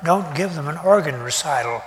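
An older man delivers a sermon in a chatty, folksy manner, pausing often and reaching for fillers. His voice sits a little high for a man. The sound rings with the long reverb of a church hall. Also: lively intonation, heavy background noise. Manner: conversational, folksy, with pauses and fillers. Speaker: preacher.

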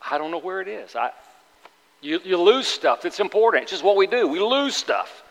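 A man's voice: high voice, animated, brisk, gravelly, fairly bright tone. A middle-aged man preaching a sermon as pastor, earnest and emphatic, often repeating phrases for weight. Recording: long hall reverb.

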